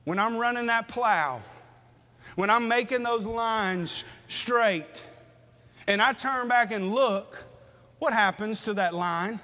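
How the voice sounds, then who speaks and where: A man's voice: sits high, takes it slowly, pushed and bright. A male pastor preaching a sermon in a church, earnestly asking his listeners questions in a plain-spoken way. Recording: long reverb of a hall.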